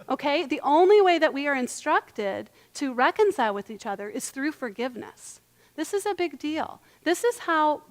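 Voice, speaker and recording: A young woman presenting a church parenting workshop, earnest and emphatic, often checking in with the audience. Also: sits high.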